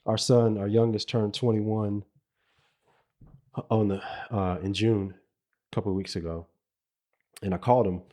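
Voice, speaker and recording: A man's voice: lowish voice, fairly even intonation, a little slow, long pauses, mellow. A middle-aged man co-hosting a podcast, talking casually and reflectively, with frequent restarts and laughter. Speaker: podcast co-host.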